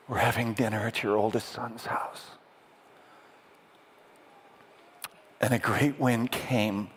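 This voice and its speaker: A man voicing a grief-struck male servant who quietly tells his master the worst news. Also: mid-range voice, husky. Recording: echoey hall with long reverb.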